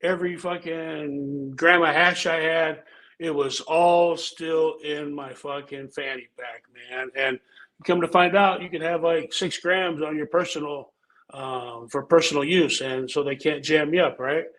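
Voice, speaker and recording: Swearing, rambling former wrestler, slightly high. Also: male voice, steady tone, unhurried, fairly bright tone, rough recording. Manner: profane, rambling, laid-back storytelling. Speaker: pro wrestler and show regular. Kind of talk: casual storytelling chat.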